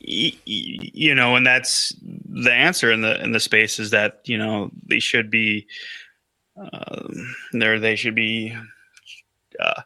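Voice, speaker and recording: A man co-hosts a casual podcast chat, rambling along with fillers and stalled restarts. His voice is strikingly bright and forward. The sound is dry and close, with no room around it. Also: lowish voice, fairly even intonation, takes it slowly, vocal fry, no echo. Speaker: podcast co-host.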